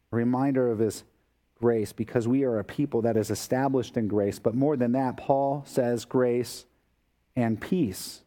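A man's voice: medium pitch, warm tone. A man preaching a sermon as a pastor, explaining scripture in a conversational way with everyday asides.

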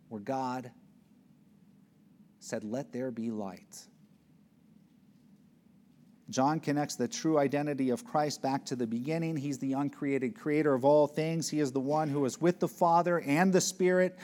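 A man preaching an expository sermon, reading scripture slowly and pressing his points with emphasis. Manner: emphatic, swings between loud peaks and low hushed words; reads scripture aloud slowly and deliberately.

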